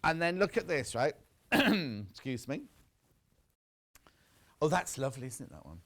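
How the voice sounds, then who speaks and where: A man's voice: on the high side, very animated, measured pace, a bit bright. A man hosting a live shopping channel show from a TV studio, showing products in a chatty, teasing way.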